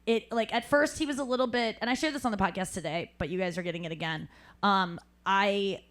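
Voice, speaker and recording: A woman hosting a live podcast, telling an animated story and acting out other people's lines, laughing often. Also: mid-range voice, fairly quick. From St. Louis. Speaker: podcast host. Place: live show at a cafe.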